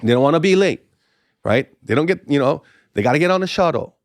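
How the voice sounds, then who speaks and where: A middle-aged man from Hawaii, a pastor and podcast guest, telling stories in conversation, with quick restarts and repeated phrases. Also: a little high, expressive, dry recording, clean studio sound. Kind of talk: conversational storytelling interview.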